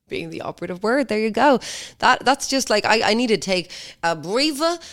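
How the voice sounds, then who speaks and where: Sweary woman telling a story. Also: lowish voice. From Ireland. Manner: blunt, sweary, animated storytelling. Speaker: podcast host. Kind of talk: casual monologue.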